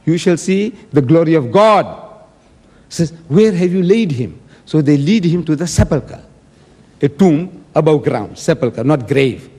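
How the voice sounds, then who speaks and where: A man's voice: on the high side, expressive, measured pace, darkish tone, husky. A man giving an emphatic, argumentative debate speech and acting out the words he quotes. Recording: long hall reverb.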